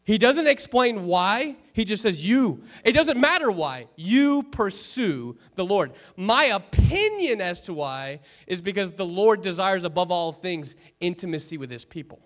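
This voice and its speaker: A man with a notably high voice preaching to his congregation. He talks in an earnest, chatty way, repeats his main points for weight, and checks in with the listeners as he goes. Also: sing-song, unhurried, hardly any pauses, a bit bright. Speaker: pastor. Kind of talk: conversational sermon.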